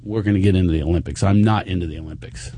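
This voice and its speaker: A man hosting a radio talk show, telling comic stories and acting out the people in them. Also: rapid-fire. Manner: animated storytelling, acts out quotes in a high voice. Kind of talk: casual comedic chat.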